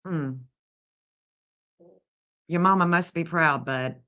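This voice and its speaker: A woman's voice: sits low, slow, bright, forceful tone. A woman, bluntly and indignantly scolding as she comments on a livestream. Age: 50s. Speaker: true crime streamer.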